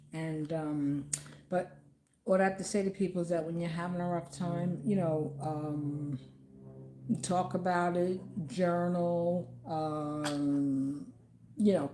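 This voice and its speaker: A woman with a low, mellow voice talks to camera from her home. Her speech rambles and stops often, full of "um" and restarts. The room gives a roomy echo. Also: a little hiss or hum. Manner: rambling and halting, many fillers. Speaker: vlogger. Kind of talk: casual talk to camera about grief.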